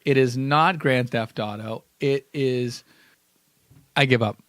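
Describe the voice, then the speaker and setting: A man's voice: medium pitch, takes it slowly, a bit bright, dry recording. A man co-hosting a podcast in casual comedic chat, sarcastic and mocking himself. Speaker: podcast co-host.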